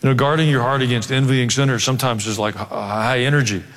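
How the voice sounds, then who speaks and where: A man's voice: mid-range voice, fairly even intonation, quick pace, fairly bright tone. A male pastor preaching a sermon, swinging between joking asides and emphatic exhortation. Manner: humorous asides, emphatic rising delivery. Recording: long hall reverb.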